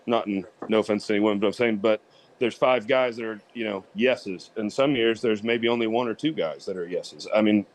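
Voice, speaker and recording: A man's voice: lowish voice, normal speed. Rambling man in casual sports chat. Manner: rambling, repeats himself with many fillers. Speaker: co-host.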